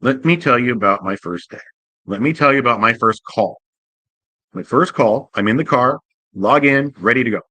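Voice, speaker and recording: Bright, animated male storytelling host. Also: mid-range voice, moderate pace, dry recording. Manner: animated, profane, jokey anecdote telling. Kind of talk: casual comic storytelling.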